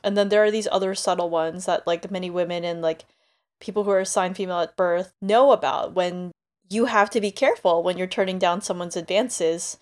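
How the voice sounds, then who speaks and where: A woman co-hosting a book podcast in casual chat, talking freely and acting out quotes in quick asides. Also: lowish voice, steady tone. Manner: chatty, acts out quotes in asides. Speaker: podcast co-host.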